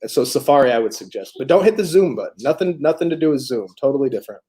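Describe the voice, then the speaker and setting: A man's voice: medium pitch, lively intonation, fast talker, mellow. A man hosting a recovery livestream, chatting casually, joking and greeting viewers in the chat by name.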